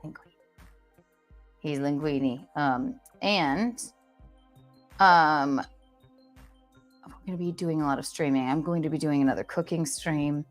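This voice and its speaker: A woman's voice: deep voice, unhurried, long pauses, faint music behind. A woman hosting a livestream in casual chat, playful and talkative, often restarting her sentences. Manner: chatty and playful, with many restarts. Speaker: livestream host.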